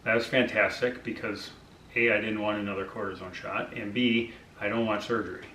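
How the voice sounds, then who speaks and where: A man's voice: on the low side, fairly even intonation, moderate pace, pushed and bright, reverberant, distant mic, slight background noise. A middle-aged man casually recounting his personal diet experience, acting out conversations with his doctor and using many fillers. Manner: conversational, acts out dialogue with frequent fillers. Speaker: vlogger sharing his diet journey.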